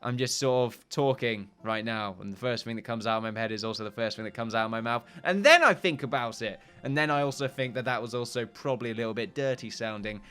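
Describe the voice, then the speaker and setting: A man's voice: medium pitch, fast talker, few pauses, sharp tone, clean tone, soft background music. A man with a British accent giving rambling, jokey and profane commentary as he plays a game. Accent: British English. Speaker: gaming video host. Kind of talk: casual gameplay commentary.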